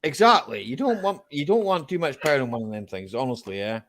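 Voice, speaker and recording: A man's voice: mid-range voice, expressive, fast talker, a bit bright, slight background noise. A man hosting a live stream chat, talking casually, swearing and saying "aye" a lot. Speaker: stream host.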